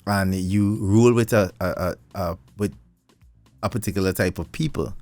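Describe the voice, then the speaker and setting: Male co-host, deep and lively, conversational, dry recording with soft music bed. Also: normal speed, dry recording. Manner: animated, laughs often, rising emphasis. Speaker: podcast co-host. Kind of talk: casual conversation.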